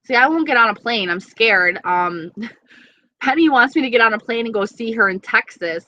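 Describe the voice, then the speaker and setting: A woman's voice: on the high side, animated, normal speed, bright, forceful tone, dry recording, low-quality recording. A young woman chatting casually with viewers on a live stream, gushing and dramatic.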